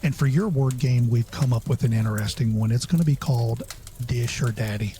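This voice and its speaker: A man hosting a comedy interview, asking questions in a measured, mock-serious way. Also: mid-range voice, mellow, a little hiss or hum. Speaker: host.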